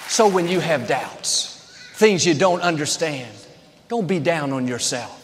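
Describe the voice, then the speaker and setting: A man's voice: high voice, lively intonation, measured pace, in a large hall, some chatter behind. A man preaching a sermon as a pastor, earnest and building to emphatic peaks.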